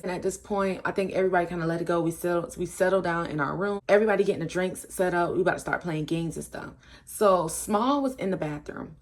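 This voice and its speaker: A young woman telling a casual storytime, animated and full of slang, acting out what her friends said. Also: on the low side.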